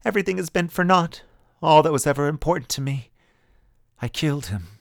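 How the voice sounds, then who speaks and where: A man reading an audiobook puts on a desperate veiled woman, secretly a djinn, wailing in a high, lifted voice. Her pleas come out loud and forlorn, well above the reader's gravelly natural tone. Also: normal speed, no echo, studio quality, lightly acted. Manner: pleading, forlorn cries.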